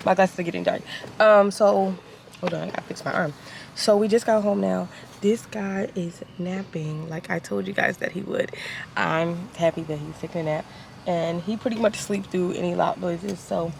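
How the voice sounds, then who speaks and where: Woman vlogger, casual rambling chat, stuffy from allergies, mid-pitched and fry-heavy. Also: darkish tone, a little hiss or hum. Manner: chatty, rambling, with many fillers.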